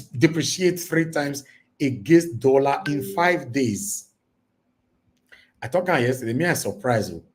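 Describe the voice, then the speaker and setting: Nigerian man reacting to news headlines. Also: on the high side. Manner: animated, switches between Pidgin and English, exclaims "Eh?". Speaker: news commentary host. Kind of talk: casual news reaction livestream.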